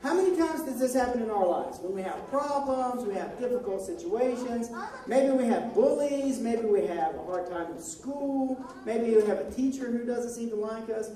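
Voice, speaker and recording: A woman teaching children at a church ministry, directing a Bible story skit and prompting lines for them to repeat, in an animated, coaxing way. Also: a little high, normal speed. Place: large echoey church hall with children. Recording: echoey hall, distant mic, children chattering.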